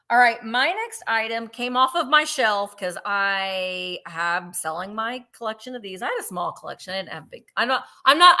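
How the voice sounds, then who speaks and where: A woman's voice: mid-range voice, bright, forceful tone. A woman hosting a live online vintage sale, chatting in a rambling way about each item and counting down the bids. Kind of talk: live online sales chat.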